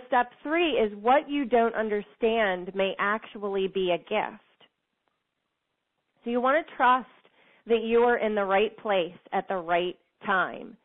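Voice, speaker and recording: Earnest woman giving a tinny pep talk. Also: medium pitch. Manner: earnest, encouraging, repeats phrases for emphasis. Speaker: motivational speaker. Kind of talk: motivational talk to listeners. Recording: tinny phone-like sound.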